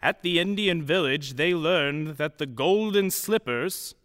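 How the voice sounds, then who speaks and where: A man narrates a playful western tale in a sing-song storybook manner. His voice is high and bright, and he takes his time. A long hall reverb hangs on every word. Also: animated, unhurried, faint music behind.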